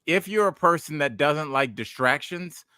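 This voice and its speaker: Bright, clear-voiced male podcast host. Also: a little high, lively intonation, moderate pace, no room sound, clean studio sound. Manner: rambling, digressive storyteller. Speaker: podcast host and stand-up comedian. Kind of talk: casual podcast chat.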